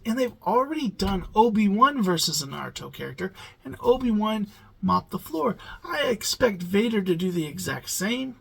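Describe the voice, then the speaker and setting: Reaction channel host, tired late-night ramble, lots of "ums", creaky low-energy delivery. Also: big pitch swings, normal speed, fairly bright tone, low-quality recording. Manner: rambling, hesitant, many fillers. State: sleepy, yawning. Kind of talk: casual late-night vlog talk.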